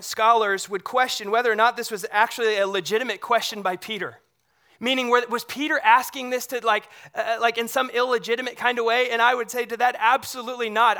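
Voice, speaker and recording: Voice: mid-range voice, pushed and bright. A pastor preaching a sermon in a conversational way, often checking in with the congregation through rhetorical questions and animatedly retelling scripture scenes.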